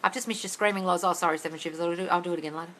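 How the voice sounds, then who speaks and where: A woman coaching viewers on a livestream, reading their questions and answering in a blunt, sweary, ranting way that often turns to yelling. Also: on the low side, steady tone, very fast, a little hiss or hum, rough recording. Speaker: manifesting coach answering live chat questions. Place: home desk area. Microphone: livestream on phone or computer.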